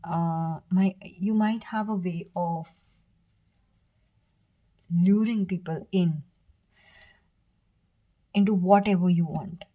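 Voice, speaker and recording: A woman giving a pick-a-card tarot reading, speaking softly and earnestly to the viewer, with fillers, restarts and brief whispers. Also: on the low side, slow, long pauses, muffled recording. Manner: soft, earnest, direct address with fillers and self-corrections. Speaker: tarot reader.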